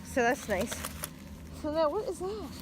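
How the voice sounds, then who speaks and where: A woman's voice: high voice, sing-song, a little slow, very noisy. A sick woman vlogging casually at home and then outside in the snow, rambling to her viewers and her dog on a handheld phone. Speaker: vlogger and mother.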